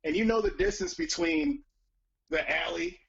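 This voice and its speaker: Lively high-voiced man telling a story. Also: moderate pace, vocal fry, highs cut off. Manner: profane, animated, acts out quoted voices. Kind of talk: casual storytelling chat.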